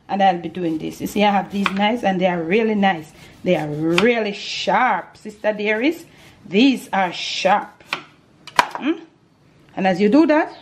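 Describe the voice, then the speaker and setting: An older woman with a Jamaican accent talks viewers through a recipe in her home kitchen. Her delivery is homely and chatty, with a mid-range voice. A faint hum of background noise runs under the recording. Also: mid-range voice. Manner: chatty, homely, explains as she works. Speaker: cooking show host. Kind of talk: home cooking demonstration.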